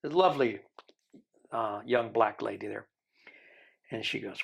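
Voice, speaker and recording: A man in his sixties, a podcast guest, telling a long story in a lively way and acting out the people he quotes. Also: on the low side, unhurried, gravelly, pauses often, slightly rough. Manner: animated storyteller who mimics the people he quotes.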